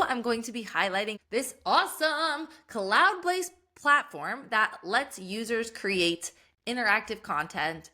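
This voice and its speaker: A young woman teacher walks through a software tutorial in an upbeat, enthusiastic way. Her voice is bright and forward. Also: a little high. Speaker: teacher and tech tutorial host. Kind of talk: screen-recorded software tutorial.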